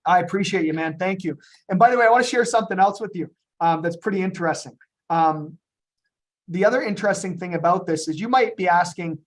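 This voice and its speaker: A man leading a business presentation on a group call, animated and storytelling, with frequent ums and retold dialogue. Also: high voice, quick pace. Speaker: company founder presenting to agents on a call.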